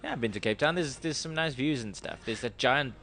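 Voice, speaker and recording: A man's voice: medium pitch, brisk, sharp tone, faint music behind. A man co-hosting a casual radio chat show, jokey and laughing often. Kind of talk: casual banter.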